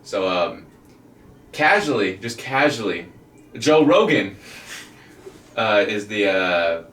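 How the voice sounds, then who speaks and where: A man's voice: fairly low pitch, very animated, slow, a bit bright, reverberant, recorded from a distance. A man co-hosting a casual chat podcast, rambling with lots of fillers and laughing often. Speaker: podcast co-host.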